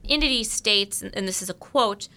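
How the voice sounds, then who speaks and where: Woman, panel host, poised and formal, bright voice. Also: mid-range voice, normal speed. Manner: reads a careful, formal question. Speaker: host posing questions. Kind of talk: prepared question on a panel.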